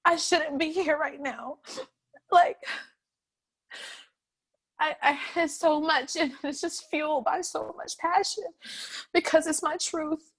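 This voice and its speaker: A young woman, telling her story in an oral history interview, animated and often laughing, her voice catching with emotion. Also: high-pitched, slow pace, pauses often. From North Carolina, USA. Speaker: interviewee, street artist.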